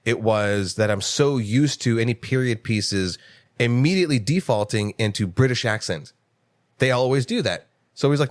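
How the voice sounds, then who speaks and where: A man co-hosting a movie podcast, ranting in casual chat with lots of swearing and sudden jumps in pitch. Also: no echo, clean studio sound. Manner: animated, profane ranting with quick jumps in pitch. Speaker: podcast co-host.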